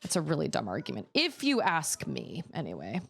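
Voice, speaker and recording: A woman's voice: deep voice, wildly swooping pitch, a little fast, gravelly, husky. Exasperated woman streamer telling a story. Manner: rambling, exasperated storytelling with quoted exchanges. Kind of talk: casual chat while gaming.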